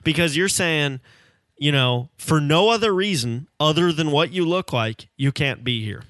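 A man's voice: fairly high pitch, animated, normal speed, fairly bright tone, no room sound, studio quality. A young man in casual podcast chat, emphatic and storytelling, often saying bro.

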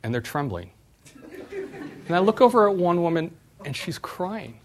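A middle-aged man, a former startup CEO, giving a university talk and telling personal stories in an animated way. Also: sits high, normal speed. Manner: animated storyteller, voice jumps up when retelling exchanges.

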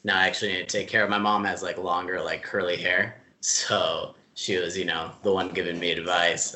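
A man telling stories in a casual interview, relaxed and full of fillers, laughing easily. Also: deep voice, echoey room. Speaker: club staff member being interviewed.

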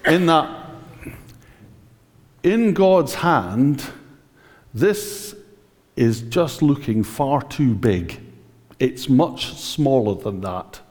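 A man's voice: mid-range voice, animated, drawn-out words, pauses often, darkish tone. A man preaching a sermon, talking directly to his congregation in a conversational way and using a prop. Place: church. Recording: echoey church hall.

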